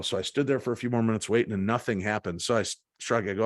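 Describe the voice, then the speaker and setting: A paranormal investigator guesting on a podcast tells an anecdote, animatedly acting out the quoted lines. His voice sits on the low side and moves at a quick pace with few pauses. The studio-quality recording has no echo.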